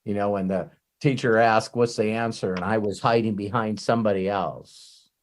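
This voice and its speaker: A man giving an off-the-cuff motivational talk as a network marketing trainer, rambling and animated, swearing freely and often breaking off and restarting his sentences. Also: fairly low pitch, normal speed, a little hiss or hum. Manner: frequent restarts and self-interruptions.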